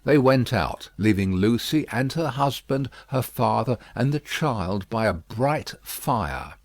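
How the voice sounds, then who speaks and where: A male audiobook narrator with a lively, rising and falling delivery, taking his time over each phrase. The recording is close and dry. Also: mid-range voice, slow pace, dry recording. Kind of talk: scripted narration.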